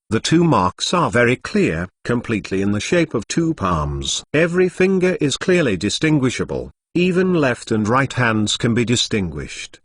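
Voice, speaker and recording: A text-to-speech male voice narrating a translated novel in an even, machine-read delivery. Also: mid-range voice, no room sound, studio quality. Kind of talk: synthetic story narration.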